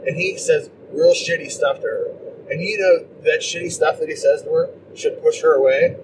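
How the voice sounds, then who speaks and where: A man co-hosting a podcast, chatting casually about movies in a rambling, animated way and acting out quotes in mocking voices. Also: on the high side, moderate pace. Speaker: podcast co-host. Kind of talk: casual movie-review chat. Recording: distant mic with clear background noise.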